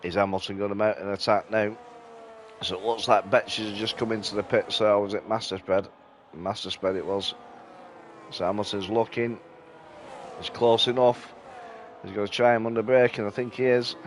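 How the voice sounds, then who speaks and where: A man giving casual, relaxed commentary on a sim race from his sofa at home, sounding a bit sleepy. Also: on the low side, moderate pace, a little hiss or hum. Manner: relaxed, sleepy, yawning between calls.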